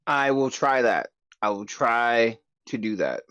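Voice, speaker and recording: A man playing a tabletop game, eager and questioning, with bursts of in-character shouting. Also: medium pitch, expressive, measured pace. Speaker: player. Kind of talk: casual tabletop play. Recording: dull lo-fi sound.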